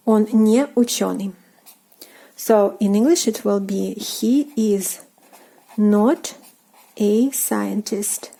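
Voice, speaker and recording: A woman with a Russian accent teaching a language lesson, speaking slowly and carefully with many ums and uhs and repeating each example phrase. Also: medium pitch, gravelly, dark tone, rough recording. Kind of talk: lesson explaining grammar while writing.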